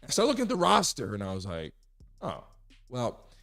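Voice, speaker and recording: Hoarse man hosting a lively sports talk show. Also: mid-range voice, fast, soft background music. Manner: emphatic, conversational, repeats his point to be clear. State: hoarse, recovering from a lost voice. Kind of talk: live sports talk monologue.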